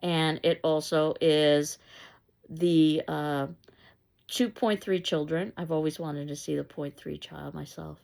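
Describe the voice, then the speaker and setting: Creaky-voiced woman teacher lecturing. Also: sits low, steady tone, slow pace, darkish tone. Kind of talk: literature lecture.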